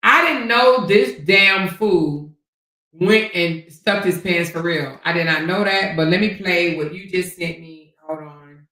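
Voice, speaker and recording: A sassy woman hosts a livestream in casual, blunt talk full of swearing. Her voice is bright and a little high. She sits back from the mic in an echoey room. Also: measured pace, recorded from a distance. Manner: sassy, blunt, swears freely, calls listeners honey and child. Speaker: livestream host.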